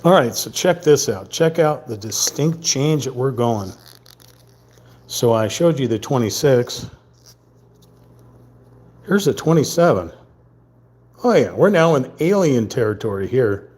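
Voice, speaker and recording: A man giving casual running commentary while painting on a live stream. He mutters quietly to himself and thinks aloud as he works. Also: mid-range voice, expressive, a little slow, pauses often.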